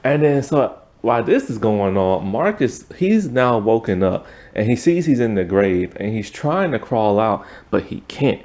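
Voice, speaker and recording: A man's voice: lowish voice, darkish tone. A man giving a casual, rambling spoken review of a TV episode, retelling the plot with many fillers.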